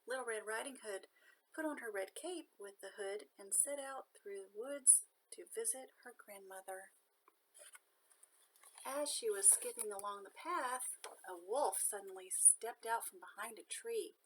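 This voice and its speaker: A woman, a nanny, reading a children's storybook aloud in a gentle, expressive way. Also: mid-range voice, unhurried, a little hiss or hum, low-quality recording.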